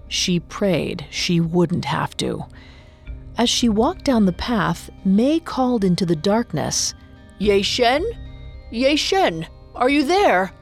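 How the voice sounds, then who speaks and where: Woman narrator, slow and dramatic, lowish voice, faint music under it. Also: creaky, darkish tone, slightly rough. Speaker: storyteller. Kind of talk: scripted story narration.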